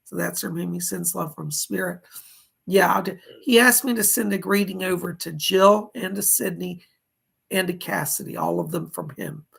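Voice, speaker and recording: A man hosts live psychic readings, relaying spirit messages with a steady "he said" and reading viewer donations aloud while thanking each person. His voice is high and creaky with a breathy edge, at a normal speed.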